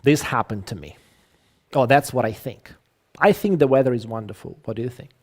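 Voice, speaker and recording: A man lectures on an online video call at a middle pitch. He talks in a loose, conversational way, full of "like" and "uh". He often restarts his sentences. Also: a little fast. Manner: lively, conversational, frequent fillers and restarts. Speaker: English lecturer.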